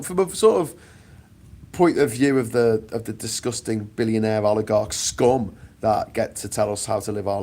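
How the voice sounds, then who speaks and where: A man's voice: medium pitch, vocal fry, a little mellow. A British man vlogging outdoors on a sunny island, giving a blunt, profane, sarcastic opinion rant.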